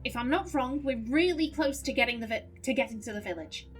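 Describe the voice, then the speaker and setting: A woman's voice: fairly high pitch, brisk, faint music behind, close to an everyday voice. Woman reading a curt, stressed man. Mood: businesslike. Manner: harsh, curt.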